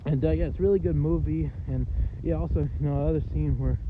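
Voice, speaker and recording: A man's voice: a little high, fairly even intonation, quick pace, narrow, tinny audio, background noise. A man rambling through a casual, off-the-cuff movie review, full of fillers and loose swearing.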